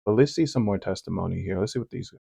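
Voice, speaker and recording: A man's voice: lowish voice, expressive, fast talker, vocal fry, mellow, husky, no room sound. A man hosting a reaction commentary and giving his opinions conversationally, with lots of "you know" fillers. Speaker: commentary host reacting to clips.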